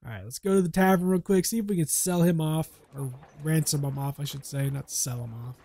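A man with a notably high voice gives loose, chatty commentary over his gameplay. He is playful and easygoing, and slips into half-serious role-play now and then. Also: brisk, creaky, dark tone.

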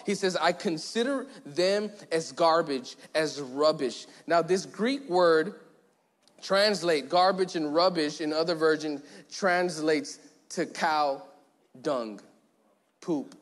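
A man preaching as pastor, chatty and joking, who slows down and goes quiet to stress a point. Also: a little high. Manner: conversational, joking, acts out little scenes; slows down and drops quiet for emphasis. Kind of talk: sermon. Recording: long church hall reverb.

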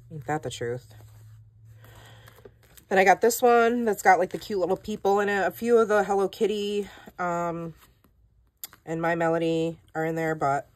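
A woman with a notably low voice shows off her finds in a relaxed, chatty haul vlog. She fills her talk with "like" and "um" and pokes fun at herself. She speaks close to the mic. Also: no room sound. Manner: chatty and self-deprecating, with many "like"s and "um"s. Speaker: planner channel host.

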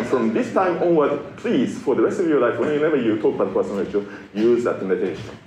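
A man's voice: medium pitch, animated, brisk, hardly any pauses, over a noisy crowd. A middle-aged man from Japan giving a public science lecture, playful and self-mocking as he explains ideas to an audience. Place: lecture hall. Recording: roomy lecture hall with faint ambience.

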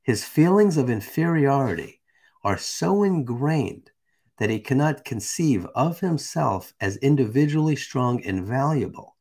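Creaky-voiced male stream host. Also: medium pitch, animated, measured pace, darkish tone. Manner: casual, chatty, asides to the chat. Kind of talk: reading a text aloud and chatting with viewers.

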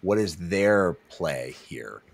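A man's voice: deep voice, very animated, slow pace, gravelly. A man co-hosting a casual book discussion, animatedly acting out scenes. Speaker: podcast co-host.

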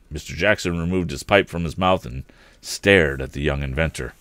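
Deep-voiced man reading a storybook aloud. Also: normal speed, no echo. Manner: expressive, voicing each character. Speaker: livestream storyteller.

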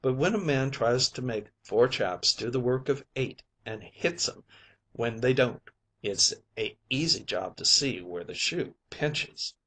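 A man's voice: medium pitch, expressive, unhurried, fairly bright tone. A man narrating a short story audiobook in a colloquial, yarn-spinning manner. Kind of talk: scripted narration.

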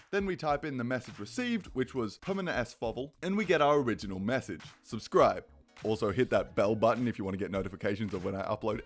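Joking guy with lively pitch. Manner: joking, rambling, self-deprecating asides. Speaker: YouTube creator explaining a project. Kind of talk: comedic explainer narration.

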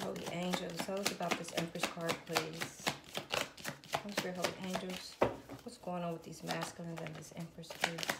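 A woman with a lowish voice does a tarot reading on video, talking straight to her viewers and calling on spirit. She swears freely as she goes. The sound is echoey and has loud noise behind it. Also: vocal fry. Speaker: tarot reader. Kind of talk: casual tarot reading with prayers. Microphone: phone.

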